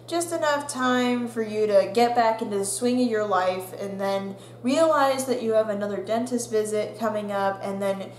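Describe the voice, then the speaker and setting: An animated young woman tells a story slowly, laughing and acting out the voices of the people in it. Her voice sits a little high. The room is roomy and echoey, with a faint hum behind her. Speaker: vlogger. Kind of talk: storytime vlog.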